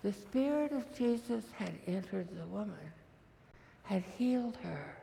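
A woman preacher giving a sermon, retelling a scripture story in vivid, unhurried detail. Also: mid-range voice, lively intonation, vocal fry, dark tone, in a large hall, slight background noise.

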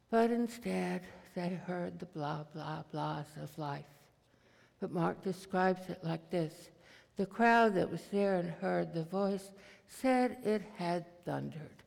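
A preacher delivering a sermon in a slow, deliberate cadence built on repetition. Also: mid-range voice, vocal fry, a little mellow, in a large hall.

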